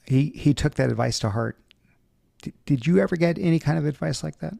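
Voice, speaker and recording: A man hosting a podcast, asking measured, attentive interview questions. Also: a little high, gravelly, warm tone, dry recording, clean studio sound.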